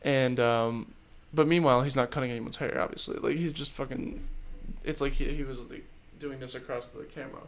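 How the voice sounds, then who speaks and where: A man's voice: medium pitch, steady tone, fairly quick, few pauses. A young man hosting a podcast, chatting casually and rambling with many fillers. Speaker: podcast host. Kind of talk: casual chat.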